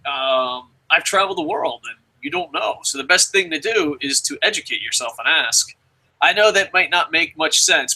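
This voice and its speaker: A man's voice: a little high, sharp tone, low-quality recording. A man from New Jersey hosting a casual chat show, rambling and cursing freely with frequent laughs. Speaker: show host.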